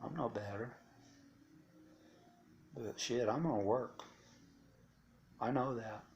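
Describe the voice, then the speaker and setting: A man speaks in a loose, rambling monologue, blunt and profane, with frequent asides. His voice has a gravelly edge. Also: medium pitch, slow pace, lo-fi sound, a little hiss or hum. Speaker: interviewee recounting life after incarceration. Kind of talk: casual storytelling monologue.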